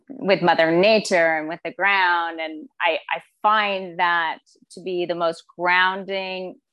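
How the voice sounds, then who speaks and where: Chatty podcast guest, woman, animated storyteller, dry recording. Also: lowish voice, no room sound. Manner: animated storyteller, acts out quoted voices. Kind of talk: casual conversation.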